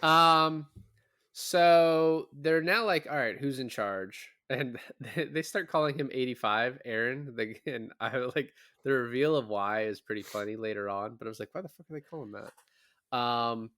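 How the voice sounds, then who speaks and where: A man co-hosting a podcast, recapping a film in casual chat, swearing, laughing and jumping into high mock voices for the characters. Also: unhurried, pushed and bright, dry recording, studio quality. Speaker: podcast co-host.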